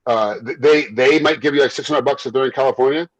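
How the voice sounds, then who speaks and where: A man who works as a fight referee and once fought himself, telling stories in a casual interview, animated and quick to repeat himself and laugh. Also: mid-range voice, dry recording, lo-fi sound. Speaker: MMA referee and former fighter.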